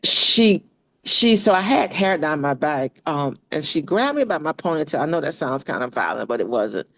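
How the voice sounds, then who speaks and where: A woman's voice: deep voice, moderate pace, dry recording, poor audio. Woman telling her story, dry sound. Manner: relaxed, frequent fillers and restarts, reads poetry aloud. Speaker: interview guest. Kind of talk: personal storytelling in conversation.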